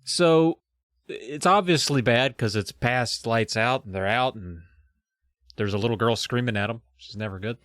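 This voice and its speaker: A man's voice: mid-range voice, normal speed, fairly bright tone, dry recording, clean studio sound. A man hosting a podcast, recapping a book chapter in a joking, rambling way with asides. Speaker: podcast host. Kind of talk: casual comedic book recap.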